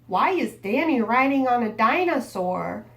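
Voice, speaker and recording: A woman voicing a group of excited young children in a read-aloud storybook, high and sing-song. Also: a little slow, creaky, exaggerated voice. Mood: curious.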